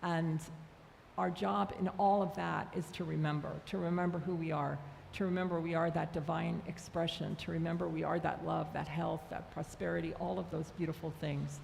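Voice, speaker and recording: A woman's voice: low voice, steady tone, normal speed, vocal fry, a little mellow. A woman serving as minister, talking conversationally to her congregation and laughing easily during a Sunday service. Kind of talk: casual talk at a Sunday service. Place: church sanctuary with a congregation. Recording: reverberant hall, faint crowd and noise.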